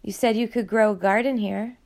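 A young boy speaking casually and matter-of-fact, as a woman reads him. The voice is gravelly at an ordinary middle pitch. It is plain storybook dialogue. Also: steady tone, a little fast, a little mellow, close to an everyday voice.

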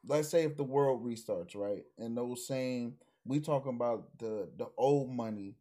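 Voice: medium pitch, measured pace, dark tone. A co-host in a casual anime chat, laid-back and arguing points in slang. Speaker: podcast co-host.

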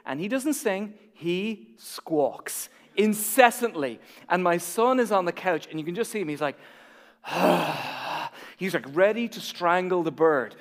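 High-voiced pastor preaching in a reverberant hall. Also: male voice, normal speed, hardly any pauses. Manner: expressive, swings between soft asides and emphatic peaks. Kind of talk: sermon. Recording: long reverb of a large hall.

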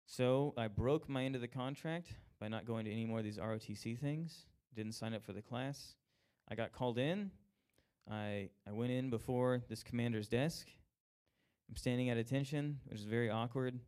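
A young man tells his faith story in a lively, self-mocking way. He slips into the voices of the people he quotes, and his voice sits at a middle pitch. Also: moderate pace, clear, resonant tone. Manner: animated, acts out quoted voices, laughs at himself. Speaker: speaker sharing a personal testimony. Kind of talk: storytelling testimony.

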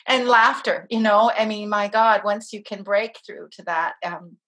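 A woman's voice: mid-range voice, a bit bright. A woman, an interview guest, telling a personal story with strong emotion and frequent laughter. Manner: emotional, laughs often while telling stories.

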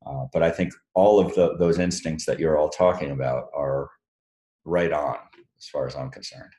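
A man's voice: very deep voice, moderate pace, mellow, roomy sound. A man, an author, answering audience questions in a loose, rambling, self-deprecating way and laughing often. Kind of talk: casual Q&A talk. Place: room with a live audience.

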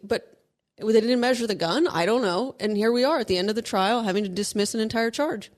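Assertive woman co-hosting a legal show. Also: on the high side. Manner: brisk, assertive, argues points. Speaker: co-host, lawyer. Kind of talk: casual legal commentary.

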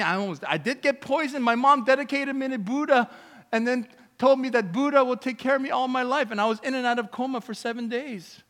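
Male pastor preaching, bright and forceful, not a native English speaker, shifts between loud and hushed. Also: extremely high pitch, brisk, long reverb tail. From Canada. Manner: swings between loud exclamations and hushed storytelling. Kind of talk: sermon with personal testimony.

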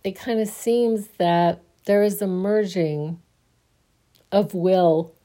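A sleepy, yawning woman musing on faith in a halting, casual way, often restarting her sentences. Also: mid-range voice. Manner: slow, halting, restarts often, soft laughs.

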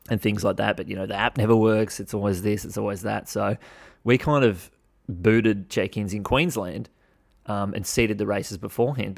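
A low-voiced Australian man with some fry in his voice, talking through his gripes on a casual solo podcast. He is blunt and swears freely, with a mock-exasperated edge. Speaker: podcast host.

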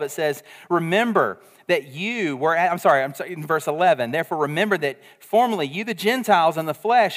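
A man preaching a casual, jokey sermon as pastor, acting out quick asides. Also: fairly high pitch, big-room sound. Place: church sanctuary.

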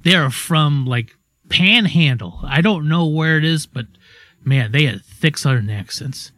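Radio co-host, male, bit higher voice, loose storyteller who keeps going off on side tracks. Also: measured pace, dry recording. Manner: rambling, animated, self-interrupting. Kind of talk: casual storytelling on air.

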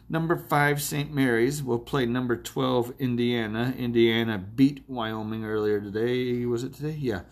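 A man's voice: medium pitch, steady tone, unhurried, few pauses. A man hosting his own podcast alone, talking to himself as he makes tournament picks, joking and swearing as he goes. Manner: rambling, self-talking, jokey and profane. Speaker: podcast host. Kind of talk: casual solo sports-picks monologue.

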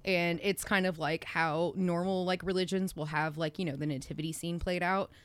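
A woman's voice: fairly low pitch, fairly even intonation, normal speed. A woman co-hosting a casual podcast chat, telling stories and acting out quoted lines. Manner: chatty, storytelling with quoted asides. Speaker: podcast co-host.

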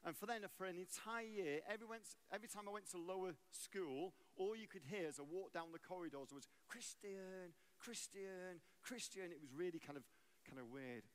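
A man's voice: sits high, fairly quick. A man from England giving a guest sermon in a church, telling stories with humor. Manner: storytelling, lively and humorous. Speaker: guest preacher.

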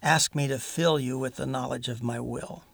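A man preaching a sermon who voices God gently and fondly reassuring a believer. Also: mid-range voice, fairly even intonation, moderate pace, vocal fry, no room sound, clean studio sound.

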